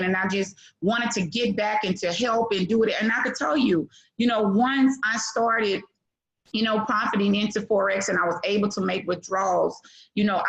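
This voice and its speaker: A middle-aged woman speaks on an online call, pouring out a heartfelt testimonial. She sounds preachy and keeps filling her talk with fillers, her pitch sitting right in the middle. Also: fairly bright tone, dull audio. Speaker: webinar participant giving a testimonial. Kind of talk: emotional testimonial.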